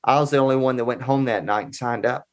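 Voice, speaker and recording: Man, forties, podcast guest, casual anecdotal storytelling, medium pitch. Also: quick pace. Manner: earnest, conversational, loose anecdotal telling.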